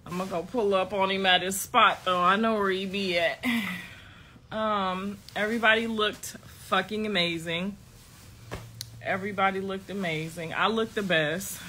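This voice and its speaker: A woman in her thirties from Ohio tells a story in a loose, chatty way. Her voice is bright and sharp, and she laughs a lot and swears freely. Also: mid-range voice, moderate pace, slight background noise. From Ohio, United States. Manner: animated, profane, laughs often. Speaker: vlogger. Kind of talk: casual storytelling.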